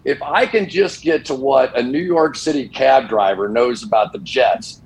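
A middle-aged man, a football broadcaster, telling stories casually on a sports talk show and jumping up in pitch when he quotes people. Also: moderate pace, low-quality recording. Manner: animated, voice jumps when quoting people. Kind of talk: casual storytelling.

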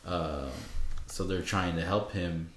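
Deep-voiced man chatting in an echoey room. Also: steady tone, slow, a little hiss or hum. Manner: rambling, retelling scenes with acted-out quotes. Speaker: co-host discussing a film. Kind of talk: casual chat.

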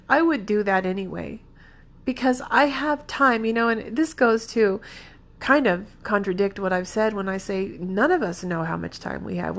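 A woman's voice: mid-range voice, creaky. A woman in her fifties telling a personal story in an earnest, emotional, rambling way, often correcting herself mid-sentence. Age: 50s. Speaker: vlogger.

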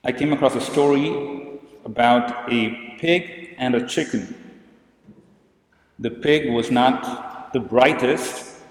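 A man's voice: mid-range voice, takes it slowly, pauses often, echoey room, big-room sound, poor audio. A man preaching a sermon as a priest, telling stories and posing questions to the congregation in a church.

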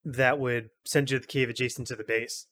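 A man's voice: medium pitch, fairly even intonation, fairly bright tone. Giggly man with mid-range voice. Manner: giggly, self-doubting, quick to laugh. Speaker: podcast co-host. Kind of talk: casual gaming chat.

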